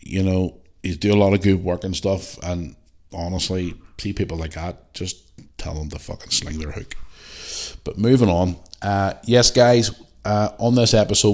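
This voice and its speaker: A man's voice: low-pitched, fairly even intonation, normal speed. A Northern Irish man hosting a podcast, ranting bluntly and animatedly with heavy swearing. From Northern Ireland. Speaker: podcast host. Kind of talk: casual podcast rant.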